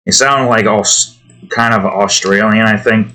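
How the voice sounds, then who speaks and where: A man's voice: lowish voice, fairly even intonation, a little slow, sharp tone. A tired man rambling and grumbling to himself in casual commentary while he builds a game. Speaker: game developer vlogger.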